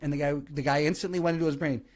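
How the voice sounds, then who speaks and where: A man, a comedian guest on a podcast, telling stories in an animated way, with frequent restarts. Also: a little high, rapid-fire. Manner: animated storytelling, many restarts. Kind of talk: casual podcast chat.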